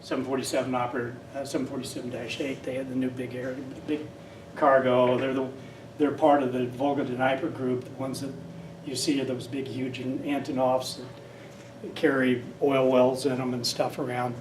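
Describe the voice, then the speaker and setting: In a flat, mid-range voice at an ordinary pace, an older guest speaker gives a relaxed lecture full of rambling tales, voicing the characters he quotes. An echoey hall and a bit of hiss or hum come through, and he sounds far from the mic.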